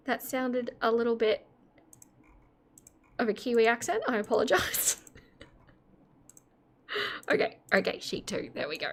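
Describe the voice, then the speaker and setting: A woman's voice: a little high, expressive, unhurried, pauses often. A woman hosting a live stream, chatting casually with giggles and self-mocking asides.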